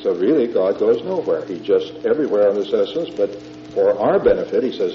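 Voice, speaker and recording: A man's voice: lowish voice, animated, brisk. A man teaching a Bible lecture to a class, explaining patiently, repeating his points and checking in with his listeners. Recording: echoey room, dull lo-fi tape, music behind.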